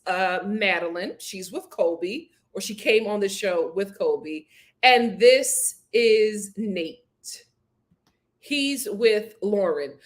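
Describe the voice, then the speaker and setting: A woman hosting a casual review show, talking straight to viewers in a candid, opinionated, animated way. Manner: animated and expressive, acts out quotes with big pitch jumps. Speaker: host reviewing a reality show. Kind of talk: casual chat.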